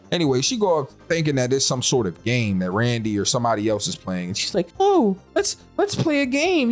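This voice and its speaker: A man recaps a movie with slangy jokes and quick wisecracks. His pitch jumps up and down a lot as he talks. Faint music plays behind him. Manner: joking, slangy, wisecracking asides.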